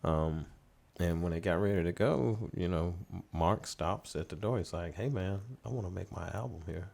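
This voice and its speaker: A middle-aged man, a studio owner casually telling stories as a podcast guest with relaxed, rambling anecdotes. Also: low voice, moderate pace, gravelly. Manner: relaxed, rambling anecdotes, laughing as he tells them. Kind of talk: casual storytelling in a podcast interview.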